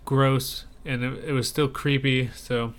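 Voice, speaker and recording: A man's voice: mid-range voice, flat delivery, a little slow, clean tone. A man co-hosting a podcast in casual chat, rambling with frequent restarts. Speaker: podcast co-host.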